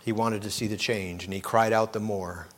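A man's voice: fairly low pitch, steady tone, normal speed. Impassioned preaching man. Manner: preacherly, rises to loud impassioned shouts when quoting. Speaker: pastor. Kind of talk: sermon.

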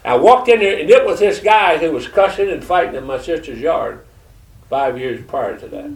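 An older man with a Southern Georgia accent preaching a testimony sermon, telling stories in a folksy, halting way with many fillers. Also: fairly high pitch, animated, creaky. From Detroit. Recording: echoey room from far off.

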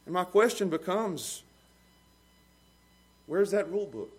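Male preacher, high voice, animated sermon, loud emphasis then hushed stretches, frequent laughter. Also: measured pace, long pauses, breathy edge. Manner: animated, swings from loud emphasis to low quiet passages; laughs often while preaching.

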